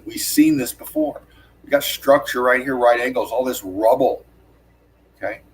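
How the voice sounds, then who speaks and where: Excitable, cursing man pointing things out. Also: a little hiss or hum. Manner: urgent, profane, repeats "look at this" constantly; rapid emphatic pointing words like "bam" and "boom". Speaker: channel host narrating screen footage. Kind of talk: excited on-screen analysis commentary.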